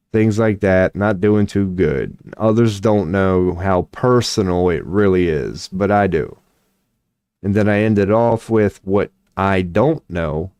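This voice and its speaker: A man live-streaming tarot readings, chatting casually and reading chat aloud, his voice going hoarse as he keeps clearing his throat. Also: lowish voice, dark tone, no echo. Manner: rambling, swears casually, laughs often, reads chat aloud.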